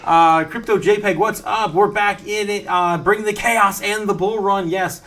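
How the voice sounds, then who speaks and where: A man's voice: high voice, moderate pace, loud music behind the voice. A man hosting a casual live stream from his home studio, reading out viewer messages, rambling with lots of fillers and frequent laughter. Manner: rambling, laughs often, many fillers and restarts.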